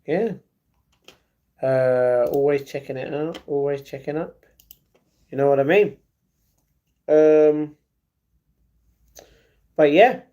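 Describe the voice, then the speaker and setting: A man's voice: a little high, takes it slowly, long pauses, warm tone, muffled recording. A young man from England chatting casually on a livestream, reading out comments and answering them, often repeating his phrases. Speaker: live streamer.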